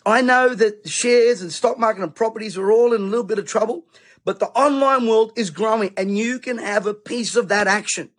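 A man's voice: high voice, fairly quick, fairly bright tone. A man preaching in a fiery, impassioned monologue, repeating phrases for emphasis. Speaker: preacher and online commentator. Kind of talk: impassioned direct-to-camera monologue.

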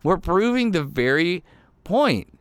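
A man's voice: high voice, slow pace, clean tone, dry recording. Conversational man preaching with dry sound. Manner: conversational, animated, acts out voices in quotes. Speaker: pastor. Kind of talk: sermon.

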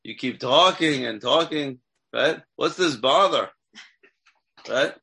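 A man's voice: medium pitch, expressive, slow pace, vocal fry, pushed and bright, breathy edge. A man teaching a text class as a rabbi, asking his students questions and checking in with them often. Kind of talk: interactive Torah class.

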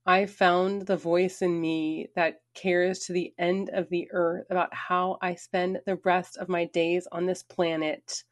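A woman's voice: on the low side, little pitch movement, measured pace, hardly any pauses. Earnest woman telling her story. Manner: earnest, emphatic, shifting pace. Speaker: speaker sharing her story. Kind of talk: personal storytelling talk.

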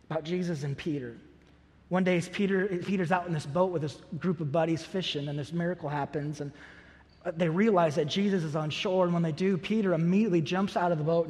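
A man preaching a sermon as a pastor, earnest and driving home key phrases by repeating them. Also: sits high. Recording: long hall reverb.

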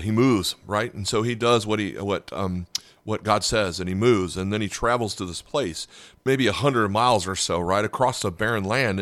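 A man preaching a sermon as a pastor, telling the story with lively acted-out dialogue. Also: lowish voice, no echo. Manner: animated storytelling, acting out dialogue.

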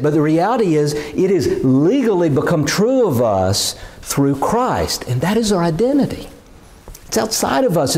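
Earnest preacher man with a lively voice. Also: fairly high pitch. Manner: earnest, emphatic, repeats words when building a point. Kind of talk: sermon.

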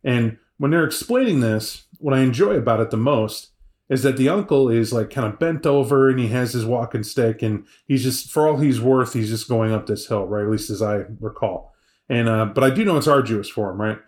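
A man's voice: mid-range voice, moderate pace, a little mellow, echoey room. A man co-hosting a podcast review, making emphatic points and checking in with "right?" as he goes. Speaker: podcast co-host. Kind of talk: casual review chat.

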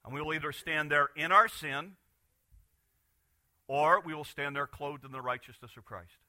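A man preaching a Sunday morning sermon as pastor, retelling a Bible story with animated voices for the people in it. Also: on the high side, normal speed, dry recording.

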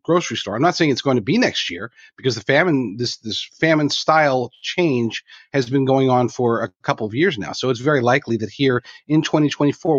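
A man joins remotely as a guest commentator, pressing his opinions emphatically at an average pitch. His voice sounds dull and lo-fi. The call audio is dry, with no room sound. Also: breathy edge, dry recording. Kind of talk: remote interview.

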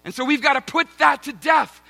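A male pastor in his thirties preaches with a high voice and a bright, ringing tone. He tells a story against himself, mocks himself, and keeps turning to the congregation in a chatty, casual way. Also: fairly quick, creaky, soft background music. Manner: self-mocking, conversational, addresses congregation as guys. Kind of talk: sermon with personal story.

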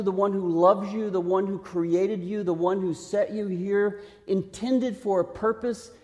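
A man preaching a sermon, originally from Texas, asking the listeners questions and slowing down to stress his points. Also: high-pitched, dark tone. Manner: questioning, emphatic, slows for stress. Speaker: pastor. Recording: reverberant hall.

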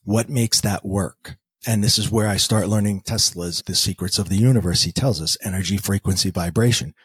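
A man's voice: fairly low pitch, normal speed, husky, no echo. A man, a podcast guest telling a story and acting out the dialogue. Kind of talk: storytelling interview talk.

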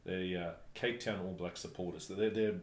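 A man from New Zealand telling travel stories in casual chat, animated and laughing often. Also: low voice, normal speed. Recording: echoey room, faint background noise.

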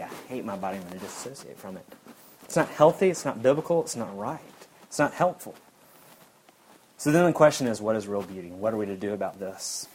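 A man delivers a sermon in a middle-pitched voice. He is earnest and emphatic and circles back to repeat his points. A faint hiss sits under the recording. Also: rough recording. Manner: earnest, repetitive emphatic preaching. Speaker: preacher.

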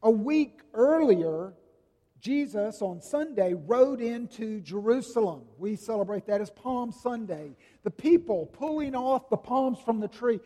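A man preaching a sermon as pastor, dramatic and swinging from booming to hushed. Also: lively intonation, measured pace, in a large hall.

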